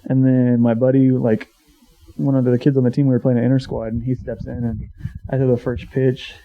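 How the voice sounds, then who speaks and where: A man's voice: medium pitch, little pitch movement, fairly quick. A young man telling a long story in a casual, rambling podcast chat, full of swearing and filler words. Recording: dull lo-fi sound.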